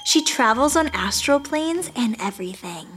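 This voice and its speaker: Uma atriz interpreta uma atriz vaidosa e egocêntrica que narra o seu diário numa comédia em áudio, com voz aguda e muito expressiva. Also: female voice, fairly high pitch, lively intonation, moderate pace, fairly bright tone, faint music behind. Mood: chatty. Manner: breezy, self-centered diary narration. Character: vain self-absorbed actress keeping a diary. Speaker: narrator and lead character. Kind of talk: comedic audio drama.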